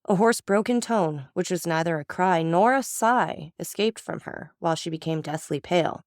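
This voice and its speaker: A woman's voice: lowish voice, moderate pace, no echo, clean studio sound. Woman reading a classic novel aloud. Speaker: narrator. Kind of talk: audiobook narration of a classic novel.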